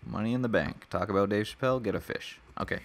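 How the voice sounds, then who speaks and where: Gravelly man chatting through a game. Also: lowish voice, quick pace, a little hiss or hum. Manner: chatty, talks to animals in game, mock-angry outbursts. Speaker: gamer. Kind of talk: let's play commentary.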